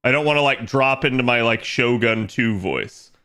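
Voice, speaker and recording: A man's voice: mid-range voice, moderate pace, sharp tone, smooth. A man chatting casually on a livestream, rambling with lots of fillers and frequent laughter. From United States. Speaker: streamer.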